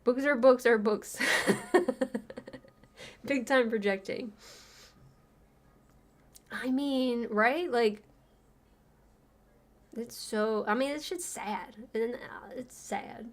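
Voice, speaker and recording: A woman's voice: a little high, extremely slow, long pauses. Woman streamer ranting casually, sarcastic, laughs a lot. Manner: laughs often, sarcastic, retells stories with quoted voices. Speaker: livestream reaction host. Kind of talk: casual livestream chat.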